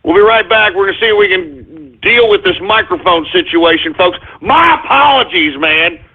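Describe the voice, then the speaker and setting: An agitated man hosting a live radio show, cursing and stumbling through restarts and fillers. His voice is fairly high and comes through a thin, phone-like line. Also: moderate pace. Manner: agitated, swearing, rambling with many fillers. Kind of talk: live call-in radio rant.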